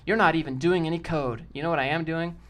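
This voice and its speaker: A man's voice: a little high, fast, fairly bright tone. A man in casual live-stream chat, answering chat in a blunt, joking, brash way. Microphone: desk mic with a sock over it.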